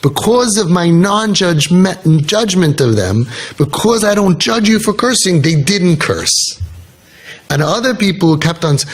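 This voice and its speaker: A man's voice: high voice, big pitch swings, a little slow. A middle-aged man giving an earnest storytelling talk as a youth mentor. He talks emphatically and repeats his key phrases.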